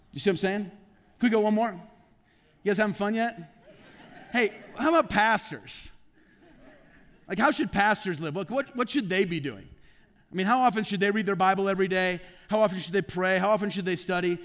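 A man's voice: sits high, expressive, normal speed, long pauses, fairly bright tone. A male pastor giving a conversational sermon to his congregation, firing off rhetorical questions and speaking directly to the people in front of him. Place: church sanctuary. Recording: long reverb from a church hall.

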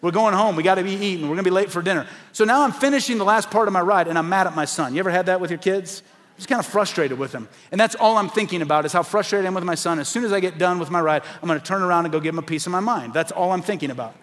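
Middle-aged male preacher, high-pitched, animated storyteller who acts out quoted voices, big reverberant church hall. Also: racing. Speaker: pastor. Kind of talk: sermon storytelling.

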